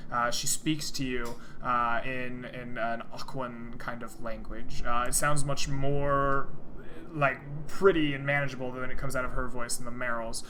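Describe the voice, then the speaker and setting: A man's voice: medium pitch, little pitch movement, unhurried, sharp tone, slight background noise. A man narrating as game master in a tabletop game, describing scenes loosely with many fillers and restarts.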